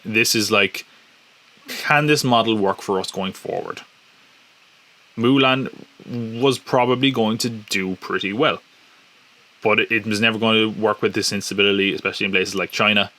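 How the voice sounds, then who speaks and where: A man's voice: fairly low pitch, normal speed, sharp tone. A man hosting a casual solo podcast, chatty and joking, with lots of fillers and restarts. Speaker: podcast host.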